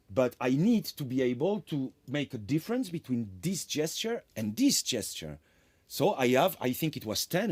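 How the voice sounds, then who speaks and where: A man's voice: medium pitch, dry recording. A middle-aged man, a composer giving a conference lecture on his work, rambling and correcting himself with apologetic asides. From France.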